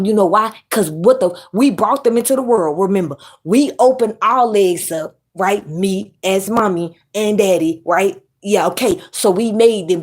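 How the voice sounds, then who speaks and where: Blunt, profane woman ranting. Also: medium pitch. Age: adult mother. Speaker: commentary YouTuber. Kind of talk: ranting commentary.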